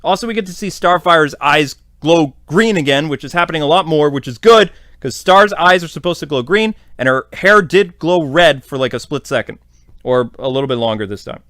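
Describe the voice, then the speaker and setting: Podcast host, man, somewhat high voice, rambling casual recap, very dry sound. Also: expressive, moderate pace, fairly bright tone, dry recording. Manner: rambling, filler-heavy.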